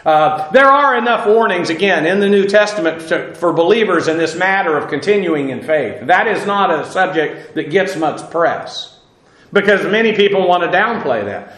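A man's voice: high-pitched, expressive, moderate pace, fairly bright tone, echoey room, rough recording. A man teaching a Bible lesson as a sermon, talking in a loose conversational way with fillers and small laughs.

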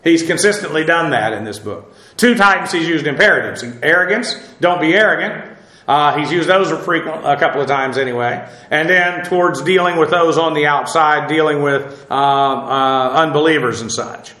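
A man preaching a verse-by-verse lesson in a bright, fairly high voice. He talks slowly and haltingly, with frequent pauses and filler sounds, and spells out Greek terms letter by letter. The sound rings around an echoey church hall. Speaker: pastor. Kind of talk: expository Bible teaching.

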